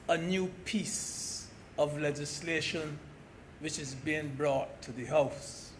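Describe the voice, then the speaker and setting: A man from Barbados giving a parliamentary speech as a senator, slow and deliberate, stressing key words. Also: fairly high pitch, steady tone, a bit bright, slight background noise. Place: senate chamber.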